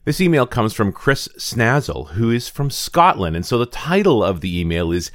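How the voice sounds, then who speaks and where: A man's voice: mid-range voice, normal speed, dry recording, studio quality. A man co-hosting a tech podcast in casual chat, reading listener mail aloud. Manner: animated, reads listener email aloud. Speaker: co-host.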